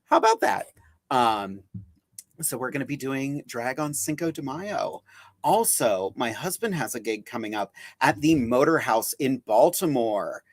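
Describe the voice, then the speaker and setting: A man's voice: mid-range voice, animated, unhurried, no room sound. A man hosting a live drag chat show, bubbly and campy, running through show plugs and greeting viewers. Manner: bubbly, promo-heavy, campy banter. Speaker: drag podcast host.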